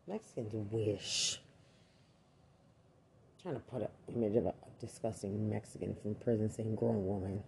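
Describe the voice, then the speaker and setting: A man's voice: on the low side, measured pace, creaky, darkish tone, a little hiss or hum. A man and army veteran delivering an angry, accusatory rant full of swearing. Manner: furious, accusatory, swears constantly.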